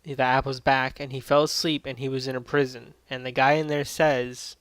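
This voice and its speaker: A man's voice: mid-range voice, level tone, moderate pace, hardly any pauses, fairly bright tone, clear, resonant tone, no room sound. A man casually recapping and reviewing an anime episode, rambling with lots of fillers and swearing freely.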